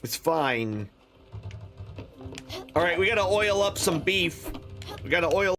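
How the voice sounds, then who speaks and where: Slow gravelly joking male streamer. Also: high voice, expressive, a bit bright, soft background music. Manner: jokey and self-mocking, laughs often. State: low energy with a headache. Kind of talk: let's play commentary.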